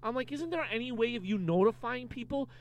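Riffing with a buddy in a car, a young man from Canada co-hosts a casual comedy podcast in a very high-pitched voice at a fairly quick speed. He's lively and jokey, often mocking himself.

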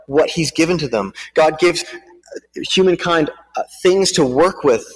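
A man preaches and then reads a Bible storybook aloud. He halts and repeats words as he goes. His voice is somewhat high. It rings with the long reverb of a church hall. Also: breathy edge. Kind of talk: sermon with storybook reading.

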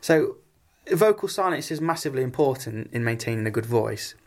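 A man's voice: medium pitch, expressive, brisk. A man, a singer, giving instructive answers about vocal technique in a casual interview. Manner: explanatory, instructive, hesitant fillers. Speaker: singer and vocal coach guest.

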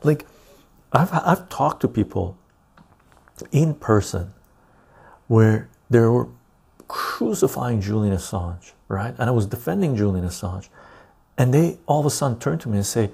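A man's voice: mid-range voice, animated, a little slow, gravelly, long pauses, a little mellow, slightly rough. A man hosting a casual political podcast chat, rambling and tagging his points with "right?". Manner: rambling, keeps asking "right?". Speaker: podcast host.

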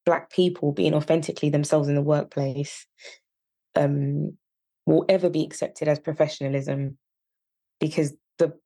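Low-voiced woman with a Yorkshire accent. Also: moderate pace, no echo. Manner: earnest, discursive, animated when riled. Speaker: podcast co-host. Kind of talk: casual chat.

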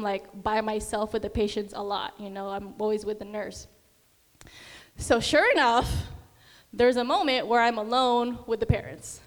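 A young woman sharing a personal faith testimony in a chatty way, full of fillers and acted-out quotes. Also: fairly high pitch. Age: young adult. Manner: chatty, many fillers, sings and acts out quotes. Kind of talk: casual testimony talk. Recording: long hall reverb.

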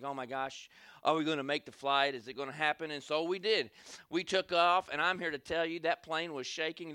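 A man preaches a sermon animatedly, telling a story, calling on the crowd for amens, and acting out scenes. His fairly high voice is clear and resonant, in a dry, studio-quality recording.

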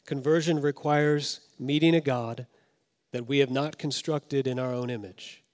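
A man preaching a sermon as pastor, swinging from loud emphasis down to hushed, quiet tones. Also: medium pitch, fairly even intonation, measured pace. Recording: long hall reverb.

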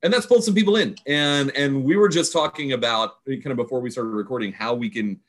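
Halting male podcast co-host. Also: medium pitch. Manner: halting, rambling with restarts. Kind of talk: casual chat.

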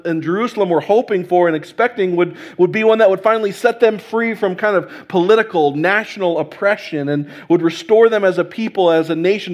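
A man preaching a sermon in a conversational way, often restarting phrases and checking in with "right?". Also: on the high side. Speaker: pastor.

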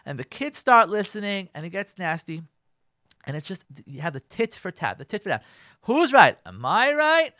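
Lively, bright-voiced rabbi lecturing. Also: male voice, high-pitched, moderate pace, no room sound, clean studio sound. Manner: animated, acts out both sides of arguments; uses Hebrew and Yiddish words. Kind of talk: radio lecture on marriage.

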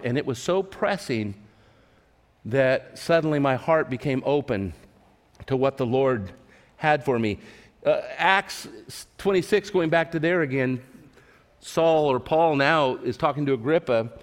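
A pastor from California preaches a sermon at a church service, his voice slightly high and his pace normal. He is earnest, repeats his words, and puts questions to the listeners. The recording carries a long hall reverb.

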